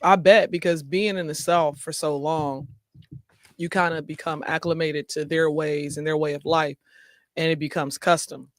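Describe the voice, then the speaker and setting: A man's voice: on the high side, fairly even intonation, normal speed, dry recording. A man hosting a casual talk show, chatting and reading viewer comments aloud with frequent laughter. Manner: chatty, laughs often, talks to viewers directly. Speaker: show host.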